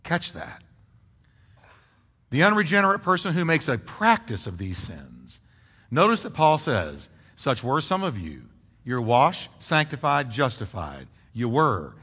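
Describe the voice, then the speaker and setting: A man preaching a sermon as pastor, animated, drawing call-and-response from the congregation. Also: a little high, slightly rough. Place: church sanctuary. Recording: reverberant church hall.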